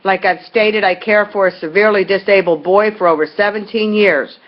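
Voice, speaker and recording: A woman's voice: medium pitch, fairly even intonation, fairly quick. A middle-aged woman at home, making a pleading, rambling appeal straight to her viewers, full of fillers and restarts. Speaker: vlogger. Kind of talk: impassioned direct-to-camera appeal. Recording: dull lo-fi recording.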